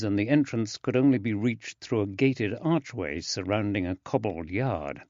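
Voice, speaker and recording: A man giving measured, expressive scripted narration of an audiobook. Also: lowish voice, no room sound. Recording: dry, slightly dull.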